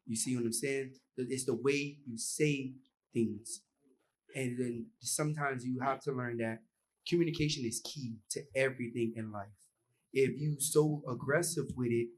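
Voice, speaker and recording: A man's voice: medium pitch, normal speed, fairly bright tone, poor audio. A young man, a university student, speaking earnestly from the audience microphone at a panel and acting out bits of dialogue. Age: young adult. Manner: earnest, acts out example dialogue.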